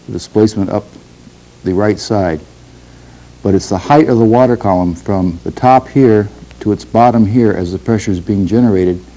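A man teaching a class, explaining a lab demonstration in a measured way, pausing and clearing his throat now and then. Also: fairly low pitch, mellow, low-quality recording. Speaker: instructor.

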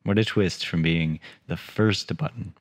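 A man reading a children's story aloud and breaking in with sarcastic, deadpan asides. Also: deep voice, a little slow. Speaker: reader and host. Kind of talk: audiobook reading with sarcastic commentary.

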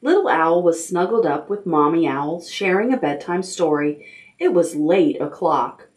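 A woman librarian reads a picture book aloud at toddler storytime in a library. Her voice sits a little low, and she tells the story gently and expressively. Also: expressive, unhurried. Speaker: children's librarian.

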